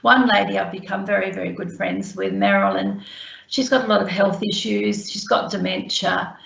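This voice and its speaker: A woman with a strongly gravelly voice tells stories from her care work, acting out the conversations as she goes. She speaks over a video call that sounds roomy and echoey. The audio is dull and muffled. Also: mid-range voice, normal speed. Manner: lively storyteller acting out remembered conversations. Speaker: guest speaker sharing care experiences. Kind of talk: anecdotal storytelling on a webinar.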